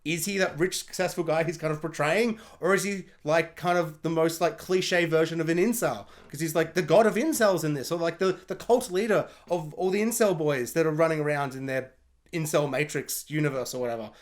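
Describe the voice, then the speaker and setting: High-voiced man rambling through a review. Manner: rambling, lots of "like", rapid questions. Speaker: film reviewer. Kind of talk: casual spoiler review.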